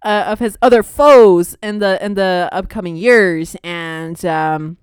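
A woman's voice: fairly low pitch, slow, clear, resonant tone, no echo, studio quality. A young woman hosting a podcast, chatting casually and rambling with frequent fillers and laughs. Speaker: podcast host. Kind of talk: casual chat.

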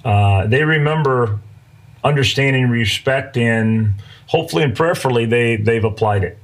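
A man's voice: medium pitch, moderate pace. Middle-aged male podcast host, folksy conversational storyteller with plenty of ums and uhs. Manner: folksy, conversational, many fillers.

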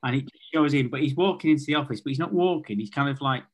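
A man's voice: mid-range voice, fast. Man painting a comic scene in detail. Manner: vivid, detailed describing with many "like"s. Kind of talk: casual comedic chat.

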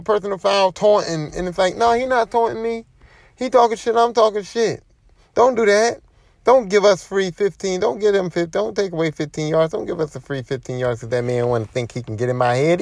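A young man rants into a close microphone in a dry, deadened space, his voice sitting a little higher than most men's. He talks casually and profanely, jumping up in pitch whenever he fires off a rhetorical question. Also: creaky, dry recording. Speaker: podcast host. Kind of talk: casual opinion rant.

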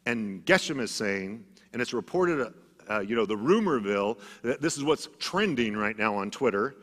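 A middle-aged male pastor preaching a sermon, telling stories and swinging from loud emphatic bursts to hushed, low passages. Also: animated, moderate pace. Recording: long church reverb.

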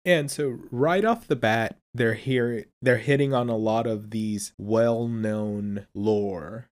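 A man's voice: medium pitch, slow pace. A man co-hosting a podcast, reviewing a film in casual chat and musing at length over folklore. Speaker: podcast co-host.

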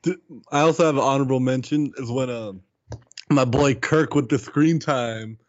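A man's voice: medium pitch, normal speed, no room sound. A young man co-hosting a podcast, telling funny moments with a chuckle and lots of slang. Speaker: podcast co-host. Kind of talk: casual chat. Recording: dull lo-fi dry recording.

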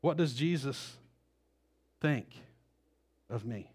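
A man's voice: medium pitch, expressive, slow pace, a little mellow, breathy edge. A man preaching a sermon in a church, telling the story casually and acting out the quoted lines. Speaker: pastor. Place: church auditorium. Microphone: stage microphone.

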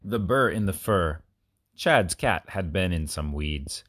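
A deep-voiced man reads children's stories aloud in a clear, expressive storybook manner. His pitch swings widely as he goes, and the recording is close and dry with no room sound. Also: slow pace, dry recording. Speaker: reader.

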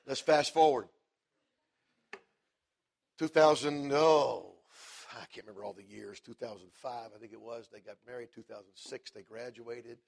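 A middle-aged man preaching with a husky, slightly breathy voice. He tells a story from the pulpit, dropping to hushed stretches and then rising into loud, emphatic preaching. His pitch sits in an ordinary middle range. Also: moderate pace. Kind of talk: sermon storytelling.

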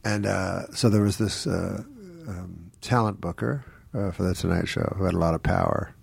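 Low gravelly guy rambling thru a dry comic story, dry close sound. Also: normal speed, no echo. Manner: rambling, wry anecdotes full of fillers. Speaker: guest comedian. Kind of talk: casual storytelling on a podcast.

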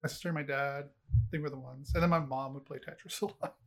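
A man's voice: mid-range voice, fairly even intonation, fast. A middle-aged man, a podcast co-host, chatting casually and rambling with lots of fillers. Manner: rambling, heavy on fillers, laughs often. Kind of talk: casual chat.

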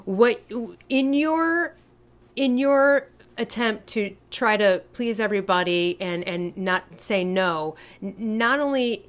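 A woman's voice: medium pitch, takes it slowly. A woman with an ordinary mid-range voice chats casually and tells a story with plenty of emphasis. Her salty, frank language gives it energy. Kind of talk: casual chat.

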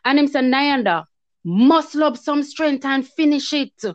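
A woman's voice: high voice, a little slow, no echo. A woman tells a personal testimony in casual talk, acting out her own past words with feeling. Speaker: guest telling her story. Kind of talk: emotional testimony in casual chat. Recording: dull, lo-fi sound.

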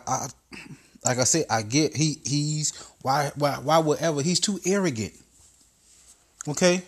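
Profane, rambling comic storyteller man. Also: mid-range voice. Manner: animated storytelling with frequent stammered restarts. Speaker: podcast host. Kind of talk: profane comedic rant.

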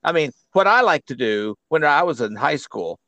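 A man's voice: on the high side, big pitch swings, normal speed, sharp tone, no echo. A middle-aged man from Arkansas, co-hosting a radio show, telling a story in a chatty, casual way. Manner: chatty storyteller, slips into put-on British voices. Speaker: radio co-host. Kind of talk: casual chat.

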